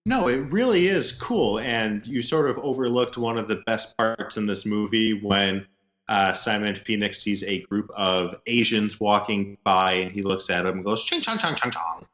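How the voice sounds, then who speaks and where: Joking male co-host, lower voice with a sharp edge, roomy echo. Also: moderate pace. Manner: loose, joking, lots of fillers. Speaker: podcast co-host. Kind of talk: casual movie review chat.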